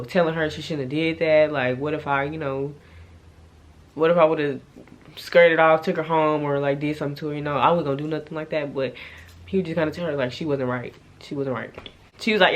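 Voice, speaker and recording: A young woman, telling a casual storytime to her camera, with animated swings between loud outbursts and hushed asides. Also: deep voice. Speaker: vlogger.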